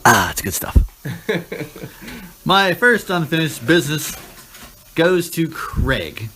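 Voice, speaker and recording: A man's voice: fairly high pitch, very animated, takes it slowly, sharp tone, slight background noise. A man co-hosting a casual chat, teasing and trash-talking his friend.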